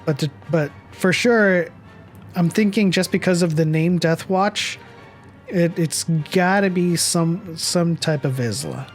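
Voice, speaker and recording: Man, podcast co-host, musing, hesitant, slightly high voice, faint music. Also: takes it slowly. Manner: musing, hesitant, thinking aloud. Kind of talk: casual chat.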